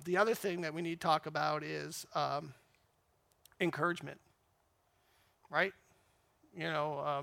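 A man's voice: on the high side, gravelly, fairly bright tone. A man giving an informal, rambling church talk to a men's group. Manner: conversational, rambling with fillers.

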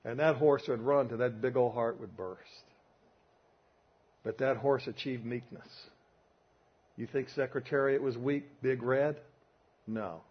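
An older man with a Southern drawl delivers a sermon to a men's Bible study group, leaning hard on homespun stories. His voice is husky, and he drives each point home with emphasis. The recording sounds dull and lo-fi. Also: medium pitch. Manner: emphatic, folksy storytelling.

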